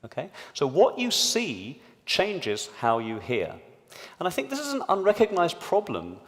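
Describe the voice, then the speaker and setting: A man giving a lively, explanatory talk to an audience in a large hall through an amplified stage mic. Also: sits high, a little slow. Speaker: panel speaker. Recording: reverberant lecture hall.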